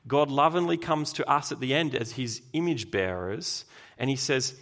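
A man preaching a sermon as pastor, lively and emphatic, with sudden loud bursts. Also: medium pitch, moderate pace.

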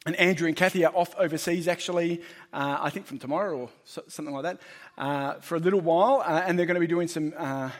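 Brief: middle-aged man, pastor, friendly rambling sermon, light high voice. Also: fast. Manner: chatty, joking, many fillers.

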